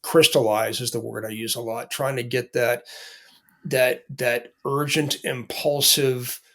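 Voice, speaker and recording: Gravelly man, candid and profane. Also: mid-range voice, flat delivery, measured pace, fairly bright tone. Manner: candid, profane, rambling with restarts. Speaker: author. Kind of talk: casual conversation.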